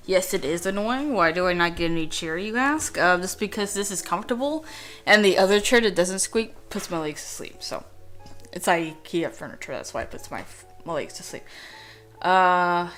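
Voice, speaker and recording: A woman's voice: fairly low pitch, animated, normal speed, fairly bright tone, faint music behind. A woman hosting a let's play from a room at home, rambling casually and reading game text aloud. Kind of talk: casual gameplay commentary.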